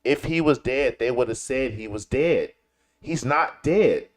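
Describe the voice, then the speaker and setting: A man's voice: mid-range voice, animated, unhurried. Combative male streamer, ranting. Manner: combative, repetitive, stammering restarts; mocking, puts on whiny voices for quotes. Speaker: streamer host. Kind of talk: live-stream commentary rant.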